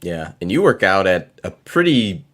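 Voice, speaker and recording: A man from Michigan co-hosting, giving measured sports analysis with hesitant fillers. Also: deep voice, very animated, a bit bright. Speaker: co-host. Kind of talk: casual chat, sports analysis.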